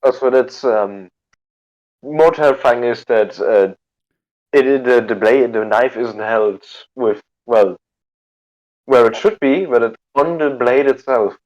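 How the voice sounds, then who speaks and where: A man at a tabletop game chatting out of character, halting and restarting his sentences. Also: medium pitch, a little mellow. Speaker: player. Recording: dull lo-fi mic.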